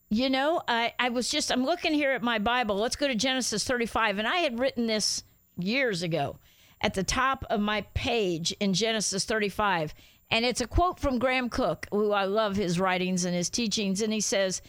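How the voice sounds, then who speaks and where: A woman pastor hosting a radio ministry show, praying and preaching in a fervent, drawn-out way. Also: fairly high pitch, fairly bright tone, no room sound. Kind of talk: radio ministry talk and prayer. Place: radio studio.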